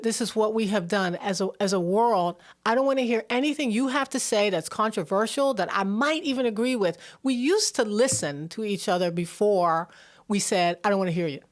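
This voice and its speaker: Animated woman therapist on a podcast. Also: mid-range voice. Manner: animated, acts out quoted voices, repeats words. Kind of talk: casual podcast chat.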